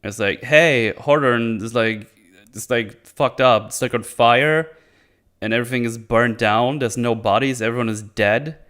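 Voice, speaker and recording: A man's voice: medium pitch, normal speed, a bit bright. A man ranting through a casual review with lots of swearing and sarcasm, mocking characters in put-on voices. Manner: profane, sarcastic, mocks characters in silly voices. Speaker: video reviewer.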